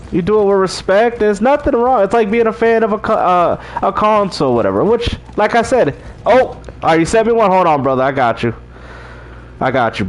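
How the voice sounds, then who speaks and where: A man hosting a live stream, chatting in a laid-back way and laughing often. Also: sits high. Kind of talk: casual livestream chat.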